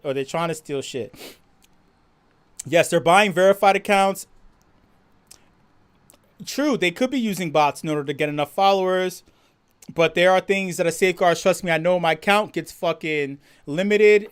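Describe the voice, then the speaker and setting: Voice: mid-range voice, clean tone. Profane, laughing livestream host ranting. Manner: profane, laughing, animated rant. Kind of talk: casual livestream chat reading viewer comments.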